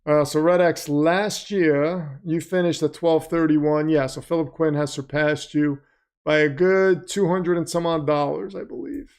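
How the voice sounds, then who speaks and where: A man's voice: fairly high pitch, steady tone, a little slow, darkish tone, smooth. A middle-aged man hosting a livestream, chatting casually, reading out donations and chat messages and calling game plays. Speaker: livestream host.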